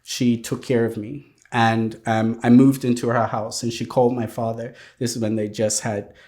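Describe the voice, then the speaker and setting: A young man speaks in a reflective, halting way, stopping often and restarting his sentences as he recounts his past. His voice sits at an ordinary middle pitch, and his delivery is unhurried and candid. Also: level tone, mellow. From Bermuda. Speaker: guest sharing his life story. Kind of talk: personal testimony interview.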